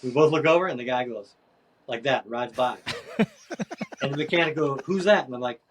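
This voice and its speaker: A man as a podcast guest, telling a story in a casual, animated way and acting out other people's voices. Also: mid-range voice, fairly quick, a little hiss or hum. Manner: animated, acts out voices in his stories.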